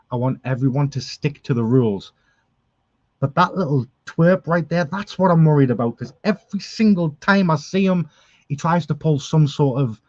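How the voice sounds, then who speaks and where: A man's voice: on the high side, a little mellow, no echo, muffled recording. A man cutting a dramatic, emotional wrestling promo as general manager. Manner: dramatic, earnest, emotional outbursts.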